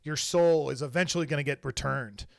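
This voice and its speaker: A man's voice: a little high, fairly quick, vocal fry, dry recording, studio quality. A man hosting a casual live stream wrap-up, talking loosely with many fillers. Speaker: host and game designer.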